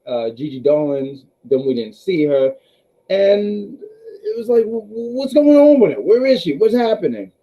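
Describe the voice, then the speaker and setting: A man talks loosely through a live review stream, addressing his chat directly and tripping over his own restarts. His pitch jumps around a lot and sits a bit high for a man. The audio is a little dull and lo-fi. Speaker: wrestling review host.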